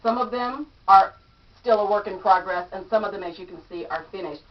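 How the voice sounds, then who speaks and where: A woman reading a children's story aloud to young listeners, animated and acting out the characters' lines. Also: medium pitch, fairly quick. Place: home room among her statues. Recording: distant, dull lo-fi mic.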